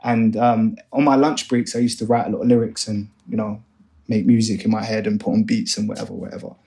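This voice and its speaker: Young man, podcast guest, animated storyteller who mimics the people he quotes. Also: on the low side, fairly quick. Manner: animated, acts out other voices in his stories. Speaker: guest, music A&R manager. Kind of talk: casual storytelling interview.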